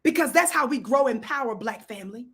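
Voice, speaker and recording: High-voiced woman preaching to her chat. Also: animated, fast, fairly bright tone, husky. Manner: preacher-like, calls out to audience, blesses viewers. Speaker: livestream host. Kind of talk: live-stream commentary reading chat.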